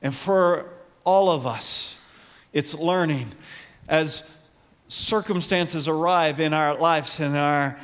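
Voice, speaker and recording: A man's voice: on the high side, takes it slowly, clear, resonant tone. A man preaching a conversational sermon as a pastor, acting out voices from the Bible story. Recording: long hall reverb.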